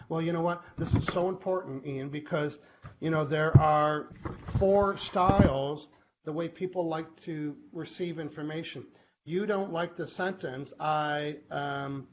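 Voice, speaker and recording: Animated man hosting a live Q&A. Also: a little high, a little slow. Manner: animated, acts out little quoted exchanges. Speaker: host. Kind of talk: live online Q&A show. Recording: muffled live-stream audio with faint hiss.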